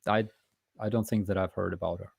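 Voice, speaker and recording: A man's voice: low-pitched, fairly even intonation, fairly quick, gravelly, breathy edge, no room sound. A man from Ukraine with a Ukrainian accent, hosting a live Q&A chat in an emphatic, conversational way. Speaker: host.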